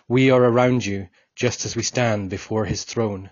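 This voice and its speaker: Man, audiobook narrator, husky voice, solemn measured reading, dull lo-fi sound, dry. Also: on the low side, fairly even intonation, dry recording. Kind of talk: scripted narration.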